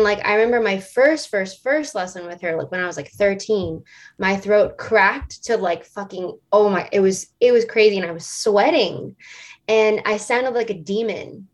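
A woman in her late twenties, a singer, telling a story in casual interview chat, rambling and filling it with "like" and "um". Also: medium pitch. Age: late 20s. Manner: chatty, rambling storytelling full of "like" and "um". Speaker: singer and stage performer guest.

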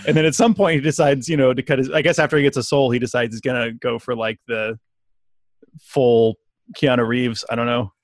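A man's voice: medium pitch, little pitch movement, fairly quick, dry recording, studio quality. A man hosting a casual podcast, running through the segments and joking about the episode. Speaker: podcast host.

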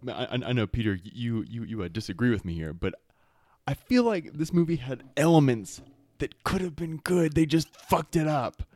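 A man's voice: mid-range voice, expressive, normal speed, a little mellow, no echo. A man in a casual movie discussion, stumbling over his words before making his point. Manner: hesitant, stumbling restarts.

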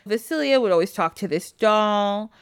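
A woman hosting a podcast, casually retelling a folk tale with a loose, animated delivery full of "like". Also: medium pitch, moderate pace, clear, resonant tone, no echo, clean studio sound. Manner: animated retelling with frequent laughs and "like". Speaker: podcast host. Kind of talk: casual storytelling chat.

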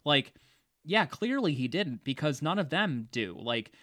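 A man's voice: a little high, sing-song, unhurried, fairly bright tone, dry recording. Guy chatting about a movie, laughs a lot, lots of ums, dry close mic. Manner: chatty, laughs often, many fillers. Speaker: podcast host. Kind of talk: casual movie discussion.

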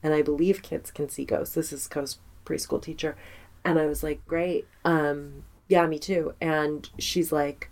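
A woman in her thirties with a lowish voice co-hosts a podcast in easy, casual chat. She tells rambling anecdotes and laughs often as she goes. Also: fairly even intonation, unhurried, darkish tone. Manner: chatty anecdotal storytelling with frequent laughs. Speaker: podcast co-host.

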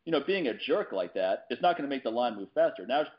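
A man hosting a casual conversation, talking quickly with frequent restarts. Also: medium pitch, very animated. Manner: fast, restarts often. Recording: dull lo-fi audio.

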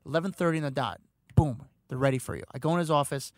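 A man telling stories in a casual chat, animated and acting out the people he quotes. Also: fast talker, no room sound, studio quality. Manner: animated, acts out quotes with big pitch jumps.

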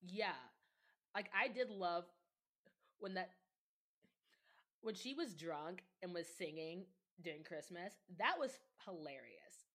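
Casting: woman podcast guest, casual gossipy chat, animated, quick laughs. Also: fairly low pitch. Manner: chatty, animated, laughs often, quotes people in voices. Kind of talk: casual chat about reality TV.

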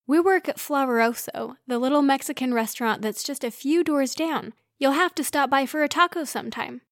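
A big, cheerful young man with an eager, bouncy way of talking, as a woman reads him in a storybook. The voice sits fairly high. The sound is close and dry. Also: a little fast, dry recording. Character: huge friendly young man, cheerful and booming.

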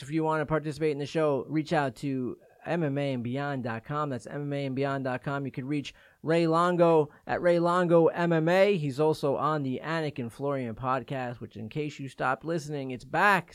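A man's voice: a little high, moderate pace, hardly any pauses, no echo. A man hosting a podcast in casual chat, easygoing and asking his co-hosts questions. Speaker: podcast host.

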